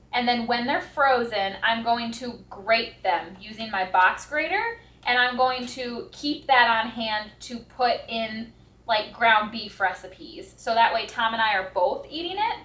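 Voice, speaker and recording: Young woman homestead vlogger, casual and jittery, a bit high, roomy kitchen sound. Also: a bit bright. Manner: chatty, nervous, with restarts and giggles. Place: home kitchen.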